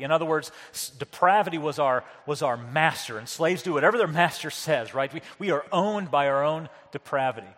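Man, pastor, sermon, earnest preaching, slightly high voice, long reverb of a church hall. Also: fairly bright tone. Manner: earnest preaching with repeated words and questions to the congregation.

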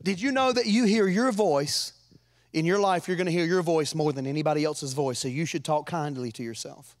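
A man preaching a sermon, fervent and folksy, climbing to loud peaks and dropping to quiet asides. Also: a little fast. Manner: fervent, rises to shouts then drops low; folksy, repeats words.

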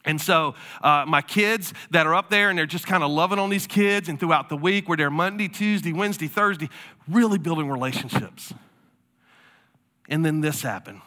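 Male pastor, sermon, conversational storyteller, bright tone. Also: a little high, moderate pace. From South Carolina. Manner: conversational storytelling preacher, casual fillers.

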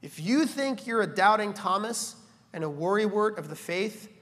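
A man preaching a sermon as a pastor, animated, building to emphatic peaks and slipping in joking asides. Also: high-pitched, moderate pace. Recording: reverberant church hall.

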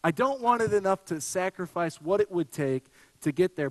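A pastor with a high voice preaches in a conversational way, telling lively stories and often restarting his sentences. His voice sounds close and dry, and a long hall reverb trails behind it. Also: normal speed. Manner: conversational, animated storytelling with frequent restarts. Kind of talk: sermon.

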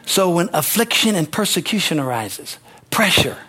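A man's voice: high-pitched, big pitch swings, moderate pace, bright, forceful tone, breathy edge. A man preaching a sermon as pastor, repeating lines for emphasis and calling out amen and hallelujah. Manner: emphatic preaching with rising exclamations.

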